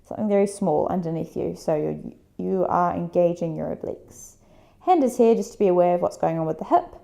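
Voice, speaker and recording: A woman fitness instructor leading a workout, giving calm breathing and movement cues with chatty asides. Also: fairly low pitch, brisk, creaky.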